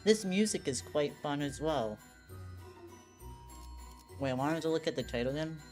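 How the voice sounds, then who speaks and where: Very low-voiced woman streamer chatting. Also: animated, normal speed, darkish tone, soft background music. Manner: musing, chatty, reads game text aloud. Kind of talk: casual gameplay commentary.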